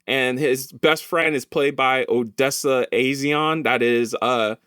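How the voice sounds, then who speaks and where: A man hosting a casual film podcast, talking in an animated, slangy way with plenty of swearing. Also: mid-range voice, slow, clear, resonant tone, no echo, studio quality. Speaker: podcast host, film reviewer. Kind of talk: casual chat.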